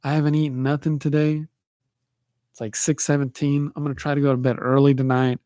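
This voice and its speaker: A man talks alone on his livestream podcast, meandering through awkward personal stories and poking fun at himself. He often stops mid-thought and starts over. His voice sits a bit high for a man, and the sound is dry and close, with no room around it. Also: little pitch movement, warm tone, no room sound. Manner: self-deprecating, halting storytelling with restarts. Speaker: podcast host. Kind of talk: rambling solo monologue. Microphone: livestream mic.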